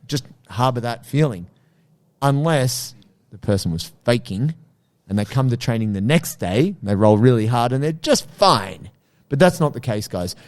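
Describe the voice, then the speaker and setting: Male podcast co-host, mid-pitched, lively storyteller who acts out scenes. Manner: animated storyteller acting out his own reactions. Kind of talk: casual podcast chat.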